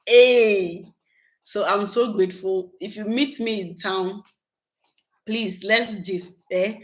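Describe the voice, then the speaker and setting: A woman, chatting casually with her viewers in a vlog, animated and laughing often. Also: mid-range voice, takes it slowly, poor audio. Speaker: YouTube vlogger. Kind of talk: casual live chat with viewers.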